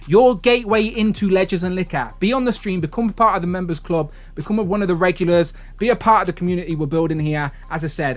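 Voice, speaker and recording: A man hosting a casual livestream, upbeat and rambling, laughing often. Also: high-pitched. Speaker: livestream host.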